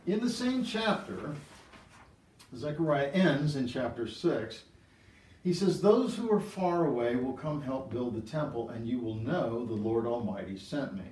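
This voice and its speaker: A man's voice: medium pitch, unhurried. Man teaching scripture in a roomy hall. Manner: animated storytelling, rising to excited emphasis. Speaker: preacher. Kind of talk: Bible teaching. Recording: roomy, distant mic.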